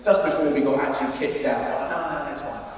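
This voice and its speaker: Guy spinning rugby stories, higher voice, big roomy hall from a distance. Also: quick pace. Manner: animated, acts out drunk fan in high excited voice. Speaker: former rugby player telling stories. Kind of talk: anecdote telling on stage. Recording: echoey hall, distant mic, faint noise.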